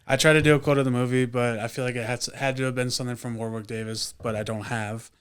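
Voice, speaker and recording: Flat-voiced laid-back man. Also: mid-range voice, fast talker, smooth. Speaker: podcast co-host. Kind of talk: casual movie review chat.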